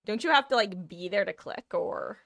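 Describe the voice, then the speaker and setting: A woman's voice: medium pitch, expressive, normal speed, creaky, a bit bright, no echo, clean studio sound. A woman streaming a game live, chatting casually, answering her chat and laughing often. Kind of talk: casual chat while gaming.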